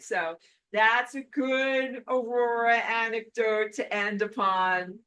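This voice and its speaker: Bright-voiced enthusiastic woman telling stories. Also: a little high, slow, smooth, poor audio. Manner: enthusiastic, animated storytelling. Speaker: host. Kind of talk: casual storytelling livestream.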